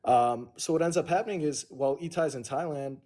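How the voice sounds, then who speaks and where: A man's voice: on the high side, brisk, mellow. Casual swearing man telling a long story. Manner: rambling, profane, owns his mistakes. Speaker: livestream host.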